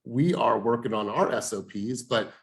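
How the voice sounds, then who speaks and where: A man's voice: medium pitch, normal speed. Hyped man leading a team call. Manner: energetic, hyped, repeats "you guys". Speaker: team leader hosting a coaching call. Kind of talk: motivational group coaching. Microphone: video call.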